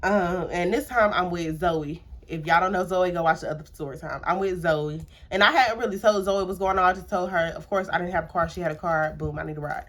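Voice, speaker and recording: A woman's voice: fairly low pitch, fairly quick, hardly any pauses, a bit bright. A young adult woman casually telling a personal story to camera, chatty, repeating herself and using many filler words. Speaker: storytime vlogger.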